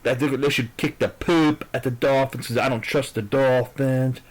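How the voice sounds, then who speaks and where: A man at an ordinary pitch rambles through his football picks. He stops and restarts often and leans on fillers. He is blunt and swears freely. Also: fairly even intonation, normal speed, rough recording. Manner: hesitant, with many fillers and restarts; blunt and profane. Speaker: vlogger giving football picks. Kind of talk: casual rambling sports predictions.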